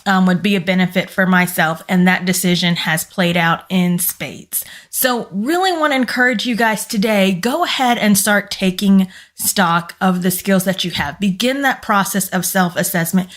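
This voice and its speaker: Hoarse woman giving earnest business encouragement. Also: mid-range voice, moderate pace, a bit bright. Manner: earnest, encouraging, with fillers and small restarts. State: hoarse, losing her voice. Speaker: business coach and former corporate employee. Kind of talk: casual motivational talk to camera.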